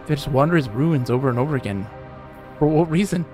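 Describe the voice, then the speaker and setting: A man's voice: a little high, expressive, fast, a little mellow, soft background music. A man streaming a game live, chatting casually and joking with the characters on screen. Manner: rambling, jokey, talks to game characters. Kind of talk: casual live gameplay chat.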